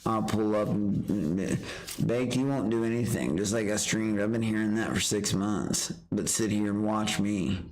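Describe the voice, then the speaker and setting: Brash male streamer, lowish voice, boastful, profane, rambling live rant. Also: fairly even intonation, normal speed, darkish tone, rough recording. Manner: boastful, profane trash talk; rambling with restarts. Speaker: livestreamer.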